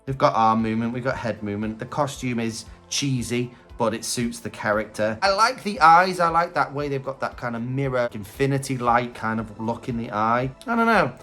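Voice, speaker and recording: A man's voice: medium pitch, lively intonation, normal speed, hardly any pauses, sharp tone, soft background music. A man giving casual reaction commentary on Halloween props, chatty and candid, thinking aloud. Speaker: Halloween prop reviewer.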